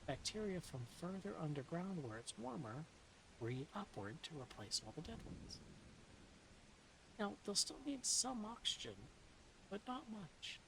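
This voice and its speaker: Woman, soft-spoken ASMR book reading, gravelly fry, lively rising and falling pitch, close mic. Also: unhurried, background noise. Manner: soft, dips into whispers at times. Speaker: ASMR streamer reading a novel aloud.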